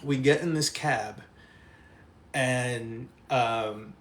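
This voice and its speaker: A man's voice: mid-range voice, very slow, a bit bright. A man telling a rowdy anecdote in casual talk, laughing often and swearing freely.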